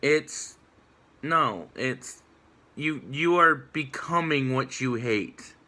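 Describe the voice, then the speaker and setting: A man's voice: mid-range voice, drawn-out words, sharp tone. A man ranting casually in a response vlog, rambling with lots of fillers. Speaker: vlogger.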